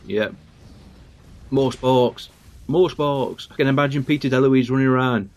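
A middle-aged man hosts a casual watch-along podcast, chatting and chuckling as he reels off episode details. His voice sits at an ordinary middle pitch, easygoing and talkative. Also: unhurried, darkish tone, no room sound. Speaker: podcast host.

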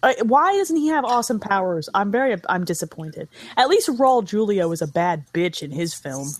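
A woman's voice: mid-range voice, big pitch swings, moderate pace, no room sound. Sarcastic woman riffing on a movie. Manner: sarcastic, swearing, mocking the film. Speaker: movie riff co-host. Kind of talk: casual movie commentary.

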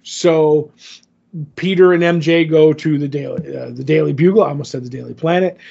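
A man's voice: on the high side, normal speed, gravelly, dark tone, slightly rough. Rambling man recapping comics, lo-fi. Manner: rambling recap with many fillers, acts out quotes. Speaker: podcast co-host recapping comics. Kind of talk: casual chat. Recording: dull lo-fi audio.

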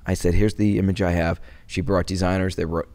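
In a very low, gravelly voice with a level tone, a middle-aged Wisconsin native talks briskly as a guest in a casual interview. His stories meander and he often starts sentences over, turning softer over painful memories.

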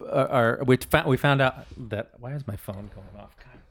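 A man's voice: mid-range voice, normal speed, fairly bright tone. A man telling a long story on a podcast, rambling with many fillers. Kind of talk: casual chat.

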